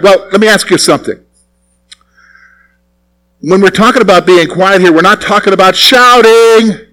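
A man's voice: a little high, a bit bright, low-quality recording. Man preaching a chatty sermon. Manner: conversational, asks the congregation questions. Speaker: pastor. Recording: recorded sermon broadcast on radio.

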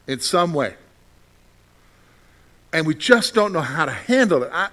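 A male pastor with a high-pitched voice delivers a sermon. He talks animatedly, jumping from loud bursts to hushed, gentle lines. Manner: animated, swings from loud outbursts to soft quiet lines.

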